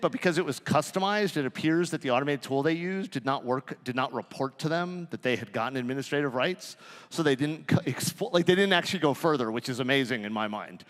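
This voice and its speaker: A man speaks at a conference in a fairly high voice that swings up and down a lot, telling stories with jokes and a lot of swearing. The sound carries a long reverb from a large hall. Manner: profane, joking, animated storytelling. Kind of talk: live conference talk.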